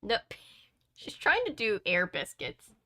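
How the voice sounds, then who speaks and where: A woman reads a book aloud at home in a casual, chatty way. She keeps stopping to tease her cat playfully. Her voice is bright, and her pitch sits in a middle range. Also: wildly swooping pitch, slow. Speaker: host reading a book aloud. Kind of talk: casual chat and read-aloud.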